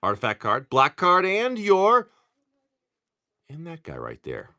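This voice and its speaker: A card-breaking livestream host chats casually and profanely while opening trading card packs, rambling in a laid-back way with lots of restarts. His voice is on the high side, bright and forceful, with wildly swooping pitch and a slow pace.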